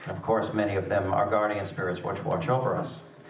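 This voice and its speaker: Deeper-voiced guy giving a calm talk at a con, roomy sound with faint hum. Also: a little fast. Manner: earnest, explanatory. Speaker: conference speaker. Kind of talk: lecture. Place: conference hall. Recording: echoey hall, far from the mic.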